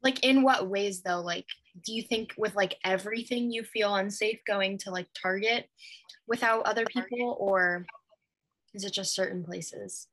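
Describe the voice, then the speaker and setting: Bright-voiced woman, chatty podcast host. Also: medium pitch, normal speed, no echo. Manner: chatty, laughing, lots of fillers. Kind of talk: casual chat.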